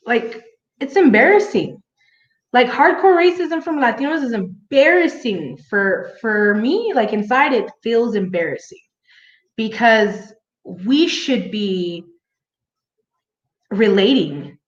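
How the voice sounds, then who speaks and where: A woman chatting casually to her viewers in a rambling way, with lots of fillers and restarts. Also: medium pitch. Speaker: vlogger. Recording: echoey room, dull lo-fi sound.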